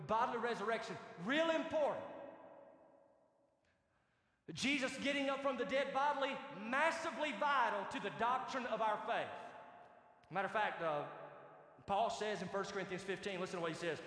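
A male pastor preaching a sermon in an animated, conversational way, asking the congregation questions. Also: high-pitched, a little fast. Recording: echoey hall reverb.

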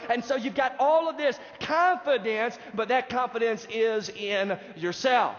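Male pastor, emphatic sermon delivery, muffled lo-fi sound, high voice. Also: normal speed, hardly any pauses, fairly bright tone. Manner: emphatic preaching, addresses congregation directly. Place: church sanctuary. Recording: dull sound in a reverberant hall.

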